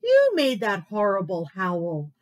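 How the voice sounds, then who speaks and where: A woman's voice: mid-range voice, wildly swooping pitch, slow pace, no echo. A woman voicing a fussy owl who hoots through her lines in a children's story. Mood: hooting. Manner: hooting.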